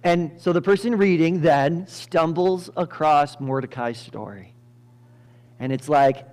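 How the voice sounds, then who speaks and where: A male pastor telling a Bible story in a lively sermon, acting out the characters with sudden loud bursts and frequent laughter. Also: on the high side, unhurried. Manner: animated, acts out characters with sudden loud jumps, laughs often. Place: church.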